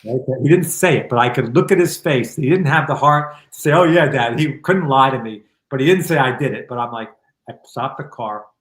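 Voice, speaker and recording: A middle-aged man telling a personal story as a guest, in a calm, reflective and candid way over a video call. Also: medium pitch, brisk, reverberant, rough recording. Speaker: guest author. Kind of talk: conversational storytelling.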